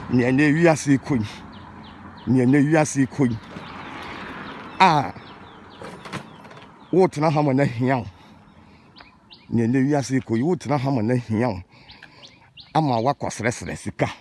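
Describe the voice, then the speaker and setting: A man's voice: medium pitch, a little mellow. A man from Ghana with a Ghanaian accent, scolding and ranting in an exasperated casual monologue. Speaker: vlogger.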